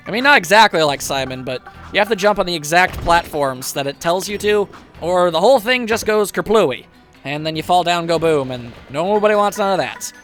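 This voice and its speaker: A man talks through a video game as he plays, wry and chatty, poking fun at his own mistakes. His voice sits high and bounces around a lot, with a bright, forceful edge. Faint game music plays beneath him. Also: expressive, fairly quick. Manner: chatty, wry, self-mocking asides. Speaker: gameplay commentator. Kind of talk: casual let's play commentary.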